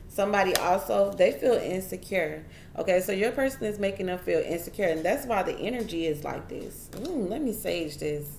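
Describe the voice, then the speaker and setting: A woman's voice: lowish voice, moderate pace, few pauses, a little mellow, echoey room, slight background noise. A woman giving a casual tarot reading straight to her viewers, chatty and repeating herself as she goes. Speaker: tarot reader.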